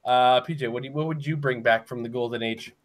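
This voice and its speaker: A man's voice: medium pitch, steady tone, quick pace. A man hosting a casual podcast, teasing his co-hosts and laughing at his own jokes. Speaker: podcast host.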